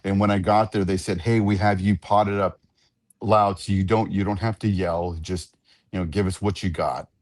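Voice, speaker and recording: A man, an octagon announcer, telling animated stories in a casual radio interview and often repeating his words. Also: low voice, normal speed. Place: radio studio.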